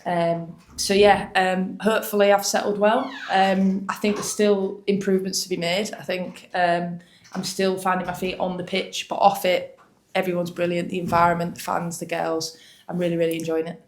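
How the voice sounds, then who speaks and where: A woman with a Hull accent gives chatty, self-deprecating post-match answers as a footballer, often restarting her sentences. Her voice sits a little low and rings around an echoey press room. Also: level tone, moderate pace, slight background noise. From Hull, England.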